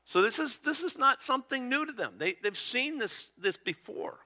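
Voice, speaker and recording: A man's voice: very high voice, animated, moderate pace, hardly any pauses, bright, forceful tone. A middle-aged man preaching a conversational Bible-teaching sermon, chuckling often and acting out small dialogues. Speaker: pastor.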